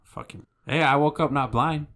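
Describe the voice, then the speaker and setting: A man's voice: on the high side, normal speed, fairly bright tone. A man co-hosting a podcast in casual, crude banter, teasing his friend and swearing. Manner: teasing, profane, calls friend fool. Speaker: podcast co-host.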